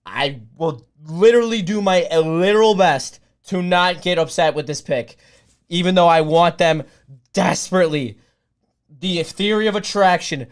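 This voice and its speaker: A man's voice: fairly high pitch, normal speed, clear, resonant tone. Chatty young man streaming a watch party. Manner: rambling, talks to chat, bursts into loud hype cheering. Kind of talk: casual live-stream chat.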